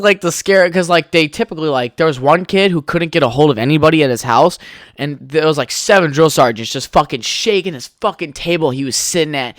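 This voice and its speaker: A young man rambles alone on his podcast, telling stories full of swearing and frequent laughter. His fairly high, slightly bright voice keeps a moderate pace, and the studio-quality audio has no room sound.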